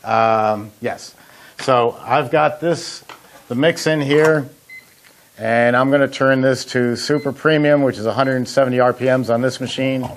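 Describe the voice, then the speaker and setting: With a steady, mid-range voice and an unhurried pace, a middle-aged man shows frozen dessert recipes in a kitchen, with slight background noise. He heads an ice cream machine company and chats folksily, telling anecdotes laced with "uh" fillers.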